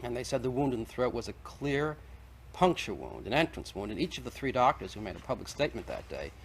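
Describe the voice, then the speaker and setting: A man's voice: medium pitch, sing-song, fast, slight background noise. A man debating on an archival 1960s TV broadcast, pressing his case point by point with persistence. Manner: persistent, argumentative, lays out evidence point by point. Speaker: debate guest. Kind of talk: televised debate.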